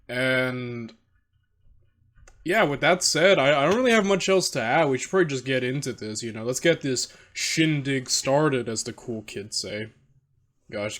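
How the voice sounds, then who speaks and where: A man hosting a reaction video in casual, rambling commentary, self-deprecating and often restarting his sentences. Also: medium pitch.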